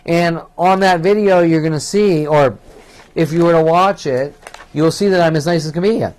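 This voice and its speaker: Agitated male monologue, rambling and profane, voice pitched a bit high. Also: normal speed, darkish tone, smooth. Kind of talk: rambling solo monologue to camera.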